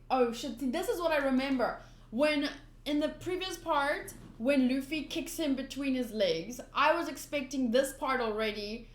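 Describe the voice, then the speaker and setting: A woman's voice: sits high, moderate pace. A woman reading a manga aloud in a casual, chatty way, thinking aloud and giggling at the panels. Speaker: manga reader. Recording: echoey room.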